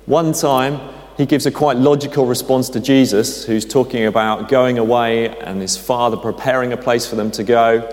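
A man preaching a sermon in a conversational, gently humorous storytelling way. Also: mid-range voice, steady tone, normal speed, few pauses. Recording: long hall reverb.

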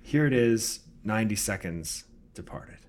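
A man's voice: lowish voice, animated, measured pace, a little mellow. Joking man co-hosting a podcast. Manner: joking, rambling, laughs at own jokes. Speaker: podcast co-host. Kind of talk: casual chat.

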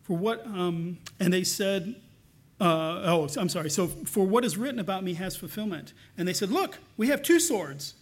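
A man with a high, light voice preaching a sermon. He is earnest, pressing some points loudly and dropping to a near hush on others. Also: moderate pace. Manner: earnest, swings between loud emphasis and soft hushed lines. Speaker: pastor.

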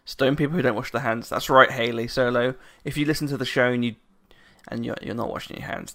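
A man's voice: mid-range voice, fairly even intonation, fast talker, fairly bright tone. A man co-hosting a podcast in casual chat, rambling and restarting his sentences, laughing often. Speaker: podcast co-host.

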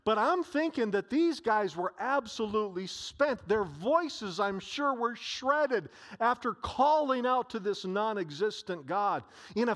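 A male pastor preaching a sermon, telling a story in an animated way with frequent restarts. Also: high-pitched.

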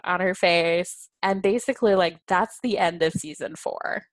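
A woman's voice: lowish voice, normal speed, no room sound, low-quality recording. Woman podcast host recapping with gusto. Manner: animated retelling, quotes characters with shifting voices. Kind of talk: casual chat recapping a sitcom episode.

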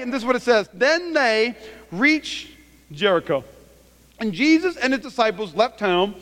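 A man's voice: very high-pitched, clean tone. A man preaching a sermon as pastor, calling out to the congregation and acting out the scripture's voices. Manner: animated preaching, calls out to congregation. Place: church sanctuary. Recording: church hall with long reverb.

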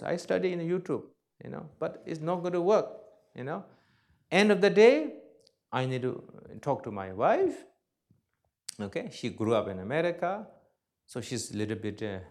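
A man whose first language is Tibetan, giving a Buddhist teaching to an audience in a lecture hall, speaking plain, repetitive English with lively humor. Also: lowish voice, gravelly. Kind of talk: dharma talk to an audience.

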